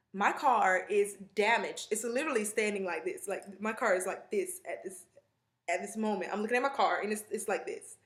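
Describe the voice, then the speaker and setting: A woman's voice: medium pitch, brisk. A young woman vlogger telling a long story in a chatty, rambling way, full of fillers and asides. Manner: chatty, rambling, animated retelling with many fillers. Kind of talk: casual storytelling to camera. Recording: echoey room.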